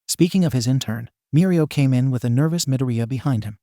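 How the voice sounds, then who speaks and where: A man reading a fan fiction story aloud in a plain, steady way. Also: medium pitch, fast, no room sound, clean studio sound. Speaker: narrator.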